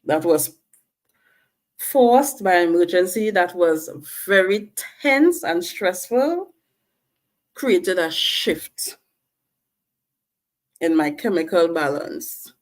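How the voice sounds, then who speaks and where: A woman sharing her own experience on a personal vlog. Her voice sits low and her delivery is slow and deliberate. She talks straight to her viewers like a coach, regularly checking in with a quick "right?". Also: very animated. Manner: asks "all right?" and "right?" to check in. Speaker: vlogger. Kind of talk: personal talk to camera.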